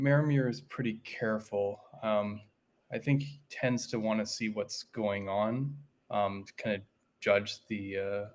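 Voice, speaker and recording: Low-voiced, hesitant male player. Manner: hesitant, thoughtful. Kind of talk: casual tabletop game talk. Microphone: video call.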